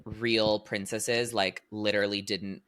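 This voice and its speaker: A young woman co-hosting a podcast in casual chat, animated and quick to laugh, dropping "literally" and "like" often. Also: rumbling low, a little hiss or hum. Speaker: podcast co-host.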